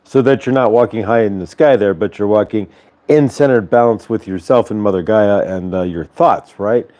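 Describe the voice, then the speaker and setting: Mellow-voiced man hosting a rambling livestream. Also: lowish voice, normal speed. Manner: loose, rambling, full of filler words. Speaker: host of a spiritual morning show. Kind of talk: casual livestream talk and guided breathing. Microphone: clip-on lapel mic.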